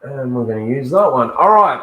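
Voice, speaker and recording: A man chatting casually on his livestream at an unhurried, easygoing pace, his voice sitting in an ordinary middle range. He rambles along, talking straight to his viewers. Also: mid-range voice. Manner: relaxed, rambling, talks to viewers while setting up. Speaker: livestream host.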